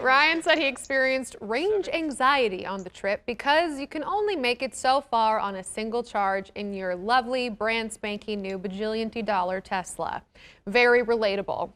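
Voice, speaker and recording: Bright upbeat female co-host. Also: fairly high pitch. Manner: upbeat, laughs easily. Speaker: talk show co-host. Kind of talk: reading show segments and banter.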